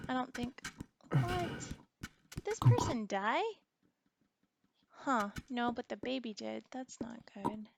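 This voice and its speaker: A woman's voice: a little high, creaky, very noisy. A woman giving casual, chatty commentary while she plays a video game, laughing often. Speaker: game streamer. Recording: music playing under the voice.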